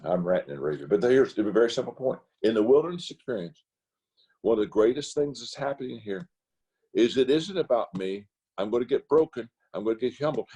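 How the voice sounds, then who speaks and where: An older man speaks as a pastor in a roundtable conversation. His voice is husky and mellow, with a very lively pitch that leaps high when he gets worked up. He preaches through anecdotes. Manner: animated, rising to high emphatic rants. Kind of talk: roundtable talk, preacherly storytelling. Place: video call.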